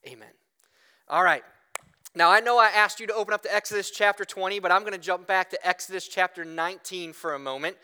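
Man, pastor, sermon, high bright voice, smooth clear tone, conversational storytelling. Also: quick pace. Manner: conversational, animated storytelling with frequent "right?".

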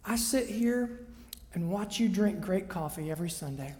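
A man's voice: sits high, lively intonation, normal speed, a little mellow. A man preaching a conversational sermon as pastor, often checking in with his listeners. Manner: chatty, checks in with listeners by asking "right?". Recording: long reverb of a large hall.

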